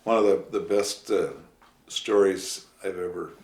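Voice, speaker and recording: A man being interviewed as a former city official, telling long stories with many pauses. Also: sits low, fairly even intonation, darkish tone. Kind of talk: anecdotal interview storytelling. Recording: echoey room, faint hiss.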